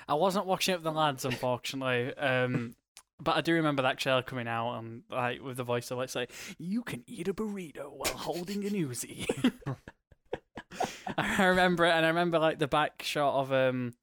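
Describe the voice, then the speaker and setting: A young man in a casual gaming chat, playful and laughing, jumping into excited voices when he retells memories. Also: mid-range voice, a little fast, smooth.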